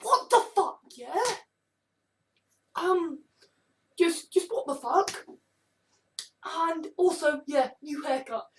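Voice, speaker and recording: A woman's voice: high-pitched, lively intonation, slow, long pauses, a little hiss or hum. Swearing, exasperated woman vlogger. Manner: profane, exasperated, rambling. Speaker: YouTube vlogger. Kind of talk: casual vlog monologue.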